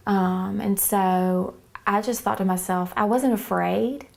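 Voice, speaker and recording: A woman earnestly telling her faith testimony, halting often with fillers as she talks. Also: medium pitch, flat delivery, gravelly, darkish tone. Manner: earnest, hesitant, many fillers. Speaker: church member giving testimony.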